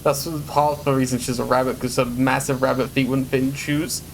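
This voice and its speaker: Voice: medium pitch, level tone, fairly quick, creaky. A streamer hosts a live watch-along in a chatty, playful way and swears casually. Faint noise sits under the voice. The talk rambles easily from topic to topic. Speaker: streamer host.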